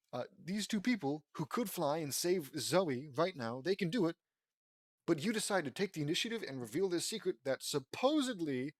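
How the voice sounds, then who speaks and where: Male reader, slightly high voice, dry close sound, dry mocking narration with irritated asides. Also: dry recording. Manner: sarcastic asides, frustrated commentary. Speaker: reader of fan fiction. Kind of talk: mocking audiobook reading.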